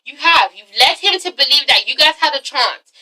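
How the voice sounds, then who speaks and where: A woman's voice: high voice, moderate pace, far from the mic, low-quality recording. A woman casually recapping a TV episode, gossipy and profane, checking in with "okay?" as she talks. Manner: gossipy, animated, swears freely, often asks "okay?". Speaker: TV episode reviewer. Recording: voice set back from the mic.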